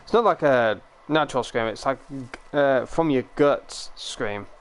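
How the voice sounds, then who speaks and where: A man's voice: mid-range voice, unhurried, smooth. A young British man with a British accent, chatting casually and rambling on a game stream, swearing now and then and laughing often. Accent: British English.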